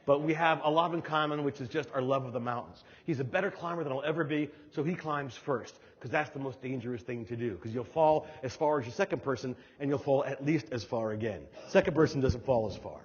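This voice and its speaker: A middle-aged man from New Jersey giving a humorous storytelling keynote speech, acting out voices with animated delivery. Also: mid-range voice, fairly quick, few pauses, breathy edge. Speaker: keynote speaker. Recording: dull hall recording with long reverb.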